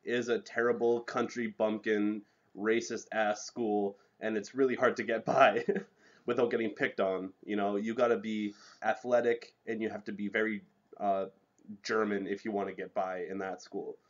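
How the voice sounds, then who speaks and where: A young man with a lowish voice hosts a casual chat show. He talks in a relaxed, meandering way, full of ums and restarts. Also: normal speed, lo-fi sound. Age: young adult. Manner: relaxed, rambling with many fillers. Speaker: podcast host.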